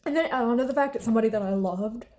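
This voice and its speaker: Heavy background noise surrounds a twenty-one-year-old Southern US vlogger who talks very fast in a fairly high voice. She's eating and chatting casually, speaking bluntly, swearing a lot and breaking into laughter and sighs.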